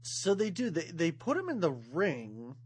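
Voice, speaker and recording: Animated co-host, middle pitch, jokey, faint hum behind. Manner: joking, animated, quick to laugh. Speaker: podcast co-host. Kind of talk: casual chat about a movie.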